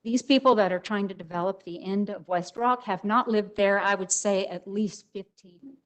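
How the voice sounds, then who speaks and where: A woman's voice: medium pitch, moderate pace, low-quality recording. An older woman speaking as a resident at a public hearing, emotional and emphatic. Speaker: resident giving public comment.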